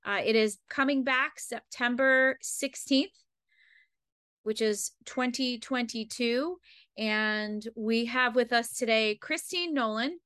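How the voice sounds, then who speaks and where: A woman's voice: on the high side, fairly bright tone, clean tone. A woman from Pennsylvania co-hosting a podcast, chatty and rambling with plenty of fillers. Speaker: podcast co-host. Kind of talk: casual chat.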